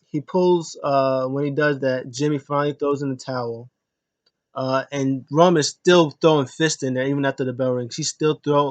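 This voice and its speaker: Man giving an animated, casual spoken review. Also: mid-range voice, no echo. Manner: animated retelling with acted quotes and many restarts. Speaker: wrestling show reviewer.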